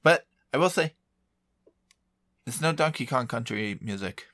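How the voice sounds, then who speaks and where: A man's voice: mid-range voice, animated, measured pace, a bit bright, dry recording. A man co-hosting a video game podcast, chatting casually in an easygoing, joking way. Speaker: podcast co-host. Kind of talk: casual chat.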